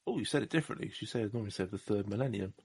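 A man's voice: on the low side, rapid-fire, vocal fry, a little mellow, husky, no echo. A man hosting a podcast in casual chat, rambling and self-deprecating with jokes. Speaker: podcast host.

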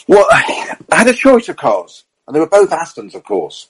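A man telling motorsport anecdotes in casual, animated chat, full of fillers and asides. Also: fairly high pitch, moderate pace, slight background noise, rough recording. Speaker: motorsport storyteller on a panel. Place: at a racing circuit event.

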